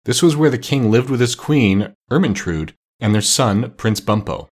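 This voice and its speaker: A man narrating a children's storybook aloud in an animated, storytelling way. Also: medium pitch, normal speed. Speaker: audiobook narrator.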